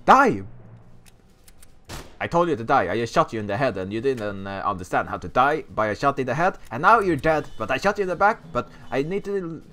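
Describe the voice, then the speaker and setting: Excitable man shouting over gameplay. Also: mid-range voice, brisk, faint music behind. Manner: excitable, shouting at enemies, joking. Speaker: gaming YouTuber. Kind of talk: let's play commentary.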